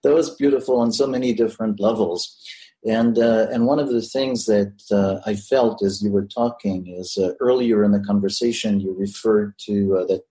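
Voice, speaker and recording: A man interviewing, reflecting back thoughtfully with many pauses and fillers. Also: lowish voice, fairly even intonation, mellow, low-quality recording.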